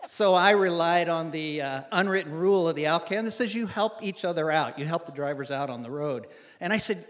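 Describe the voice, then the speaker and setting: Guy telling a funny road story, slightly high voice, wry and chatty, lots of hall echo. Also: expressive, moderate pace, a bit bright. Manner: wry, conversational, self-deprecating. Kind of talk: personal story told to an audience.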